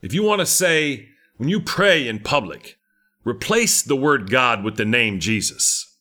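A man's voice: mid-range voice, animated, a little slow, bright, forceful tone. A middle-aged man preaching a sermon, fervent and emphatic, with lots of repetition.

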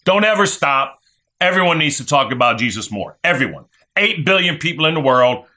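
A middle-aged man preaches with fervent conviction, circling back to his points and checking in with "right?". His voice is bright and tense, and it swings up and down with animation. It sits a little higher than most men's. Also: very animated, brisk. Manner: fervent preaching, repeats phrases, asks "right?". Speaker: pastor. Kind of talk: sermon.

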